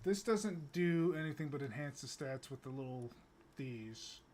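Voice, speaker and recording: A man's voice: mid-range voice, lively intonation, measured pace, darkish tone. A young American man chatting casually while streaming a game, rambling with stammered restarts and chuckles. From United States. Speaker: gaming streamer.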